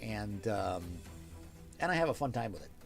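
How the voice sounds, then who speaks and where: A man's voice: on the low side, big pitch swings, moderate pace, creaky, faint music behind. A man hosting a livestream, chatting casually with viewers, thinking aloud and thanking them often. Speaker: livestream host reading requests aloud.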